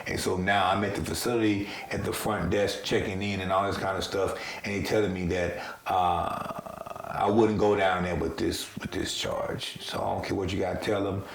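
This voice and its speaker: A man's voice: sits low, level tone, normal speed, gravelly, a little hiss or hum. A man earnestly telling his own life story in a casual, emotional, conversational way. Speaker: storyteller recounting own experience. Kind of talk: casual personal testimony. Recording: roomy echo.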